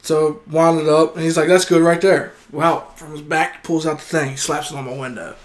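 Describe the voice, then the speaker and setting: A man's voice: on the high side, steady tone, moderate pace. A man telling a long anecdote in casual chat. He quotes other people as he goes and swears freely. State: gets heated and shouts when indignant.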